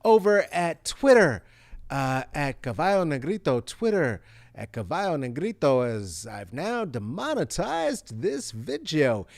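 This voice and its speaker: A man signs off his podcast in a rambling, joking way, swearing freely. His fairly high voice swings about animatedly. The sound is close and dry. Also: big pitch swings, a little slow, vocal fry, dry recording. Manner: rambling, jokey, swears often. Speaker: podcast host. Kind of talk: comedic podcast sign-off.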